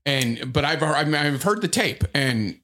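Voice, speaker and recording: A man's voice: on the high side, lively intonation, a little slow, over a noisy crowd. A man from Texas co-hosting a casual podcast, telling rambling stories and laughing often. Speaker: podcast host. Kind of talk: casual chat.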